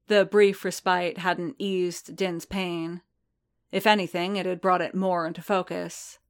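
A woman narrating a story in a slow, measured, even reading. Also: on the low side, clean tone. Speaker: audiobook narrator.

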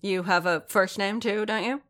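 A woman's voice: medium pitch, fairly even intonation, moderate pace, a bit bright, close to an everyday voice. A woman voicing a sociable male servant who introduces himself and makes eager small talk. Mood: friendly. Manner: sociable, expectant.

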